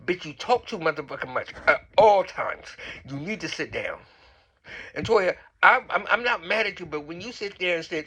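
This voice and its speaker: A man's voice: on the high side, slightly rough, poor audio. A man giving a casual, profane rant about a reality show, acting out quotes with lots of swearing and sounding a little tipsy. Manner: animated, swearing, acts out quotes. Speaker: reality TV commentator.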